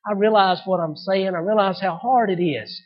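High-pitched male preacher, dramatic loud-to-soft delivery, dull recording. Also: moderate pace. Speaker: pastor. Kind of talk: sermon.

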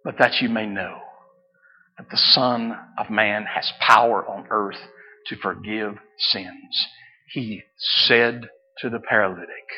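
A male pastor preaching a sermon, moving from hushed pleading to loud, fervent preaching. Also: lowish voice, fairly even intonation, takes it slowly, poor audio. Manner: swings from hushed pleading to shouted fervor.

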